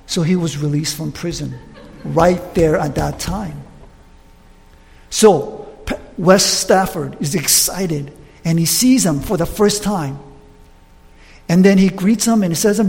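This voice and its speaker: A man preaching, retelling a story with lively restarts and acted quotes. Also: sits high, a little slow, gravelly, pauses often, long reverb tail. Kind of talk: sermon storytelling.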